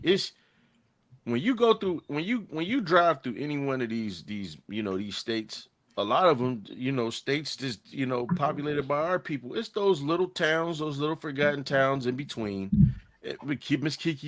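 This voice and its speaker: A man hosting a laid-back podcast chat, his voice sitting at an ordinary middle pitch. He talks in bursts, restarting his sentences and dropping "man" between thoughts. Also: animated, normal speed, fairly bright tone. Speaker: podcast host. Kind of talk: casual chat.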